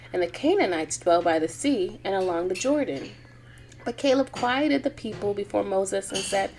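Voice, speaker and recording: A woman reading scripture aloud in a calm, measured way. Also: medium pitch, a little hiss or hum, low-quality recording. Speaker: Bible reader.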